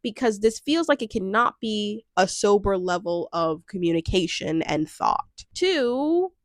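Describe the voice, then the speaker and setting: A young woman talks casually from her couch at home, recapping a reality show in a chatty, animated way with frequent laughs. Her voice sits at a middle pitch and sounds close and dry, with no room around it. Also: unhurried, no echo. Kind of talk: casual chat.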